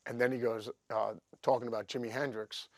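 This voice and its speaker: A man who is a guest guitarist, telling stories in a rambling, animated podcast chat. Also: mid-range voice, fairly quick, dry recording, studio quality. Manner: animated, rambling, lots of fillers. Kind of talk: casual storytelling chat.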